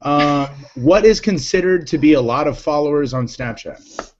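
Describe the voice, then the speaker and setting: A man's voice: a little high, expressive, moderate pace. A man hosting a casual online show, teasing his guests in a joking way. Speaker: host. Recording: dull lo-fi audio, faint noise.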